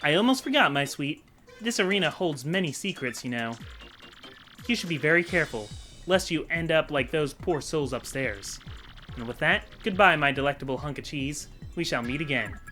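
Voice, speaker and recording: A man voicing a flirtatious, sly female mouse thief in a sultry falsetto while playing a video game. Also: animated, moderate pace, pushed and bright, soft background music. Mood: sly, teasing.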